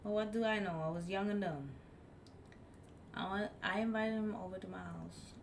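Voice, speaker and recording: A woman live streamer telling a story in casual chat, blunt and animated, swearing freely. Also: mid-range voice, moderate pace, gravelly, a little hiss or hum.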